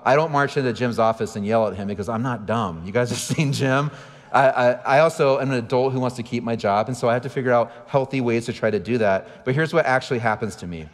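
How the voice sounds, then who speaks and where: A man in his thirties preaches from the stage, candid and self-deprecating, with a middle-pitched voice. His sermon goes out over a church livestream, and the big room leaves a long reverb trailing after each phrase. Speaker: pastor. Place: large church auditorium.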